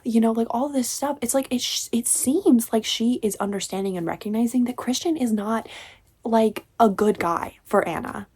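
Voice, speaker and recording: A young woman reviewing a novel in a casual vlog, sarcastic and exasperated, slipping into quiet whispered asides. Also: on the high side, moderate pace, husky. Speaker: book reviewer.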